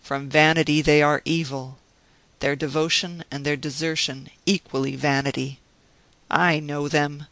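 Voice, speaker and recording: A man reading the part of a bitter, embittered man who rails forcefully against his lot. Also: a little high, flat delivery, measured pace, dry recording, poor audio. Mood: bitter tirade. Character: bitter, embittered one-armed man, grim and scornful.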